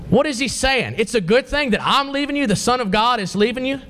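A man with a high-pitched voice preaches a sermon. He reads scripture aloud and keeps asking the congregation questions. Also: animated, a little fast, sharp tone.

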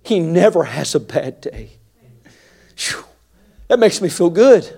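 A man with a high, light voice preaching a sermon to a congregation. He talks plainly and confidingly at times, then builds into loud, rising preaching that hammers each phrase. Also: very animated, takes it slowly, vocal fry, long pauses, breathy edge. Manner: swings from quiet asides to shouted preaching. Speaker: pastor.

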